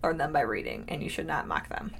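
A woman's voice: a bass voice, wildly swooping pitch, fast talker, creaky, fairly bright tone, slightly rough. A woman co-hosting a podcast, chatting casually about books, laughing easily and tripping over names. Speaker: podcast co-host.

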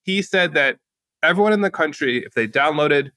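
A man with a bright, forceful voice sits as a guest author, spinning animated stories with lots of casual "like" fillers. He jumps into other people's voices to act out quotes, pitched a bit above the usual male range. The sound is close and dry. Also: normal speed, dry recording. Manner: lively, acts out quotes with raised voice, casual "like" fillers. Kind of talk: animated anecdotal storytelling.

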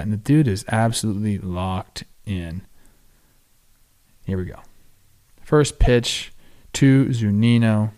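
A man hosting a baseball podcast, talking through game clips casually with excited, animated asides. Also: medium pitch, slow pace, long pauses. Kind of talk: casual video breakdown commentary.

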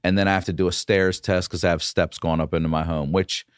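Low-voiced comedian guy telling a story on a podcast, swears a lot, dry close sound. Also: quick pace, smooth, dry recording. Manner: profane, animated storyteller. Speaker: comedian guest.

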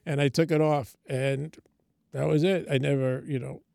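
Older guy comic telling a story, does the voices, kinda high voice, dry close sound. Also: normal speed, vocal fry, no echo. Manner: animated anecdote telling, acts out quoted voices. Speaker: comedian guest. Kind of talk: casual storytelling on a podcast.

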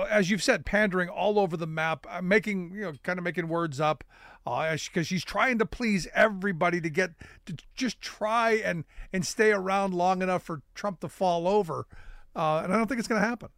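A man's voice: high voice, a bit bright, dry recording, clean studio sound. A man co-hosting a casual political talk show, hesitant and wry, with many restarts. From United States. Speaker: co-host.

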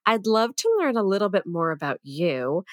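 A woman's voice: medium pitch, big pitch swings, normal speed, dry recording, clean studio sound. A woman hosting a podcast, talking in an upbeat way and laughing easily as she interviews a guest. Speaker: podcast host.

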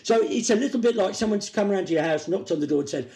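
Gravelly high-voiced man. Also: animated, fast, few pauses, dark tone. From Stoke-on-Trent. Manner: wry, laughs often through his words. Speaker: comedy podcast guest. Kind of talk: casual comic chat.

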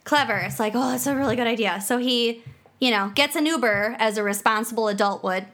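A young woman with a Minnesotan accent, co-hosting a podcast and telling a long joke with lively acted-out voices. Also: fairly high pitch, brisk. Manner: animated storyteller, acts out voices in the joke. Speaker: podcast co-host. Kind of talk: casual chat and joke telling.

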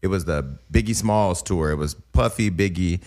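A man's voice: deep voice, moderate pace, a little mellow. A man hosting a casual talk show, telling stories and teasing his co-host with plenty of profanity. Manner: brash, profane storytelling, teasing. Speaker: podcast host. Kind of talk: casual chat.

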